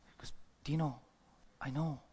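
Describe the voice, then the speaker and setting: A man preaching a sermon and telling a story, swinging between loud exclamations and hushed whispers. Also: fairly high pitch, steady tone, normal speed, slightly rough. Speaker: pastor. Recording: long hall reverb.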